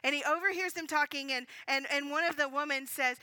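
A woman preacher giving a sermon, telling a story in an animated, earnest way with frequent restarts. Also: high-pitched, brisk, dry recording, rough recording.

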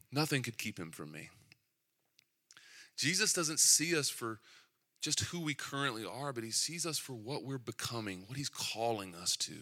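Bright-voiced pastor preaching to his church. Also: mid-range voice. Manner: conversational, self-deprecating asides. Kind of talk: sermon.

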